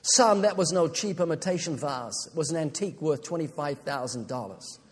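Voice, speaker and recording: A man voicing a solemn father who speaks softly with a trembling voice. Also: a little high, lively intonation, moderate pace, husky, in a large hall, voice pushed down. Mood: grave. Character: grave father, gentle and trembling.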